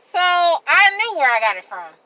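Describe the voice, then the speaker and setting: A woman vlogger venting to her viewers in a heated, rambling rant, repeating herself and filling every pause with "like.". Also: extremely high pitch, sing-song, bright, forceful tone, no room sound, rough recording. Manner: heated, repetitive rant full of "like". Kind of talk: venting monologue to camera.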